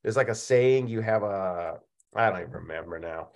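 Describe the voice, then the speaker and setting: A man's voice: low voice, moderate pace, gravelly. A man hosting a podcast, telling a story in a casual, comedic way, laughing often and acting out the dialogue. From Oregon, United States. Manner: animated, laughing, acts out dialogue. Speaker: podcast host.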